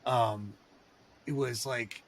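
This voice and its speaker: Man, casual podcast chat, rambling, digressive, average pitch. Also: fairly even intonation, extremely slow, vocal fry.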